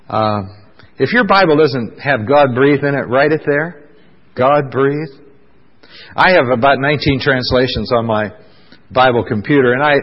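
A man's voice: medium pitch, husky. A man preaching a sermon as pastor, in a conversational way, often saying "uh" and asking the congregation questions. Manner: conversational, fills pauses with "uh", asks the congregation questions. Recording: dull lo-fi sound with long hall reverb.

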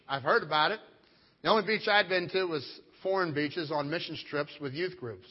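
A male pastor preaching a sermon, telling a lively personal story and acting out family members. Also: a little high, brisk, husky, long reverb tail, muffled recording.

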